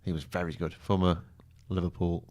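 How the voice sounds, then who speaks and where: A man's voice: deep voice, little pitch movement, a little fast, darkish tone. A man co-hosting a live football show, chatting casually and reacting to the action as it happens. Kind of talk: live in-play football chat.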